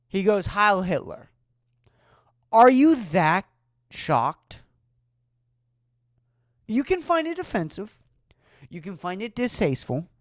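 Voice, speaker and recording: A woman's voice: medium pitch, no echo, clean studio sound. A woman hosting a solo podcast, ranting with profane, sarcastic rhetorical questions. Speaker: podcast host.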